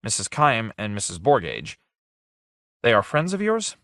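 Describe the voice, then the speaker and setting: A man reading an audiobook, voicing a courteous, cunning gentleman detective with a suave, mild manner. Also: on the low side, huge pitch swings, unhurried, no echo, clean studio sound, full character voice.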